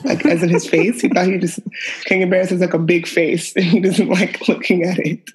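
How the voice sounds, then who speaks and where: A woman's voice: fairly low pitch, steady tone, a little fast, darkish tone. A young woman co-hosting a casual chat, candid and laughing as she talks, swearing freely. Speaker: podcast co-host.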